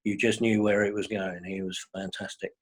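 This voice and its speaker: An older man chatting as a guest, telling wry, measured stories in a husky voice. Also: fairly low pitch, flat delivery. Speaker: guest fan. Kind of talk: casual chat.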